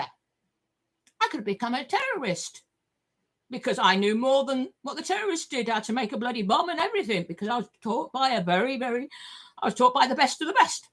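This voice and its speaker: A woman's voice: sits high, a bit bright. An older woman, rambling emphatically to camera in a vlog, swearing often and repeating herself. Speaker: vlogger.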